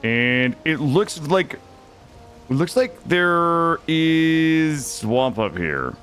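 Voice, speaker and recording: A man's voice: a little high, sing-song, very slow, fairly bright tone, faint music behind. A young man live-streaming a video game, talking anxiously and dramatically to his chat as he plays.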